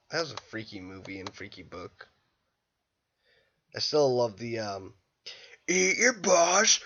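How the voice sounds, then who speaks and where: A tired young man rambling through a casual, irreverent movie review late at night, breaking into loud bursts when quoting scenes. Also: medium pitch. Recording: dull lo-fi home recording.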